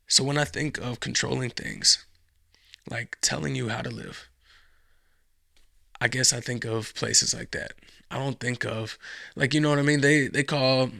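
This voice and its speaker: A man's voice: mid-range voice, gravelly, sharp tone, no room sound, studio quality. A man hosting a podcast, rambling casually through a profane monologue with sarcastic asides. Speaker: podcast host.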